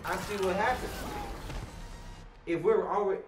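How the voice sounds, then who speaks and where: A gamer giving loud, profane casual commentary while playing a co-op horror game, quick to rage and laugh. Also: mid-range voice, over music. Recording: distant mic in an echoey room with loud ambience.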